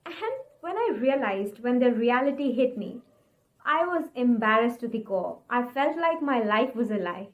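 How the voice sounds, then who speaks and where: High-voiced woman teaching English pronunciation. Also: expressive, narrow, tinny audio. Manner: encouraging, repeats words slowly for practice. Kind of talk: video lesson, addressing viewers. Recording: faint guitar music behind.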